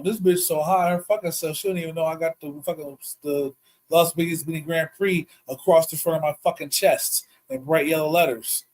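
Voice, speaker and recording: Animated profane man telling a story. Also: a little high, moderate pace, rough recording. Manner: profane, animated, laughs often. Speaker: podcast storyteller. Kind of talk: casual storytelling.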